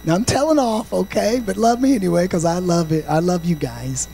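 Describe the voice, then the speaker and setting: A male pastor with a high, gravelly voice preaches briskly, shifting between shouted, sing-song stretches and quiet, confiding stories while frequently saying "amen" and "praise God." The audio is poor, with some hiss or hum.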